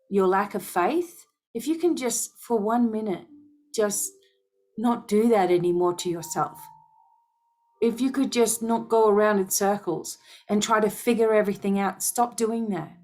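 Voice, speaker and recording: A woman's voice: medium pitch, a little mellow. A woman speaking as a spiritual healer in a passionate, emphatic monologue to her followers, driving her points home with rhetorical questions and a repeated "okay?".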